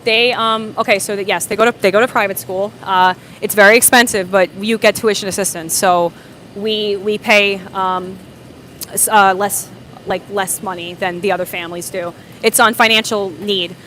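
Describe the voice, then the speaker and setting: A woman's voice: mid-range voice, fairly even intonation, moderate pace, a bit bright, a little hiss or hum. Rambling New woman chatting live. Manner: rambling storyteller, frequent fillers and restarts. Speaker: livestream host. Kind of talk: casual livestream chat, answering viewer comments.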